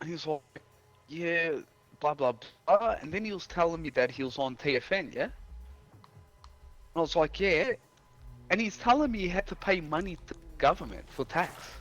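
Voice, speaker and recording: Soft background music sits behind a man whose slightly high, a bit bright voice is animated at a normal speed with long pauses, and the highs are cut off. A streamer and house painter, he rambles through a work story in casual chat, swearing a lot and acting out quoted dialogue.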